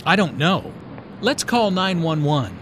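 A man speaks clear, deliberate lines in a scripted English lesson dialogue. His fairly high voice moves up and down in a lively way. Street traffic sound runs clearly under the voice.

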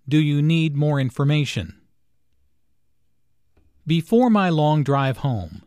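Slow, deliberate male lesson narrator. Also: a little high, darkish tone, dry recording, studio quality. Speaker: language teacher narrator.

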